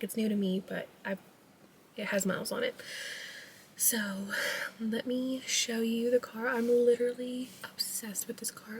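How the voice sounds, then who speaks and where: A young woman giving a soft-spoken ASMR car tour, chatty and full of fillers, often sliding into a whisper and a bit out of breath. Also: on the high side, distant mic, slight background noise, low-quality recording. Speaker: ASMR vlogger. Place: inside a parked car.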